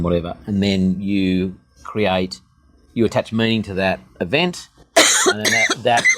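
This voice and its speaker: A man's voice: low-pitched, a bit bright. Thoughtful man hosting a chat. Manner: thoughtful, searching for words, many restarts. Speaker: podcast host. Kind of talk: casual interview conversation.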